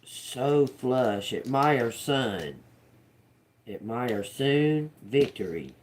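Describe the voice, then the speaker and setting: A woman on a casual livestream, slowly reading out and repeating words one by one. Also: very deep voice, lively intonation, a little mellow, a little hiss or hum. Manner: slow, drawn-out, repeats words as she reads them. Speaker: tarot reader on a livestream.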